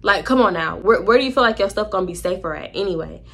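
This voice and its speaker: Fast-talking young woman telling a storytime. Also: mid-range voice, vocal fry, slightly rough. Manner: animated, candid, slangy, profane. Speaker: vlogger. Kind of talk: storytime vlog.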